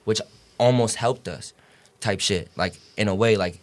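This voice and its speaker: With a fairly low voice and a measured pace, a young adult college basketball player chats casually as a podcast guest. His storytelling rambles, loaded with slang, frequent cursing and fillers such as "you know what I'm saying".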